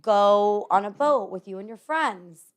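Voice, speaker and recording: A woman's voice: medium pitch, unhurried. A woman guest on a podcast, talking in a blunt, candid way and swearing freely in casual chat.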